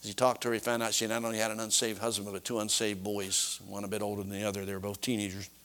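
A man preaching a sermon, telling a story in a folksy, animated way. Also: fairly low pitch, very fast.

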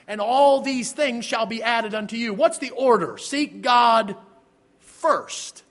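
A man with a strikingly high, bright voice delivers a sermon as pastor. He slows right down to stress scripture and key words, then speeds up between them, emphatic throughout.

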